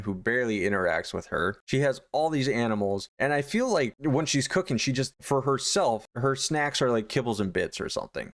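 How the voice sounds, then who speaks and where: Sarcastic, animated male reviewer. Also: mid-range voice. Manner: sarcastic, exasperated. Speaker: horror anthology reviewer. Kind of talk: casual review commentary.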